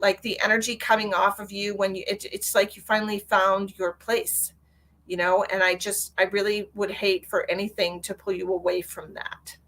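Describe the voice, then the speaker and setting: A woman's voice: mid-range voice, flat delivery, moderate pace, fairly bright tone. A woman hosting a live psychic reading stream, chatting casually with viewers and calling them by pet names.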